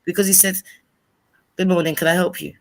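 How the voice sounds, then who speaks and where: A middle-aged woman with an East London accent, telling animated stories in casual livestream banter. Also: on the low side, fairly quick. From England. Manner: animated storyteller, acts out quoted dialogue. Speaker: panelist.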